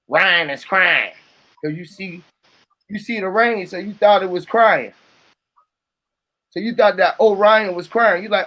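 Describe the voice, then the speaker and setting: A man's voice: high-pitched, unhurried, pauses often, highs cut off. A man talking casually to camera in a profane, musing, freewheeling way. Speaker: vlogger. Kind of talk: casual rambling talk to camera.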